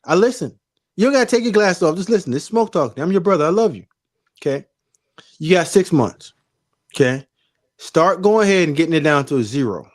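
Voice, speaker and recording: High, lively man teasing a friend. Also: a little fast, long pauses. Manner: playful teasing, mock-serious. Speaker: co-host. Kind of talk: casual show banter.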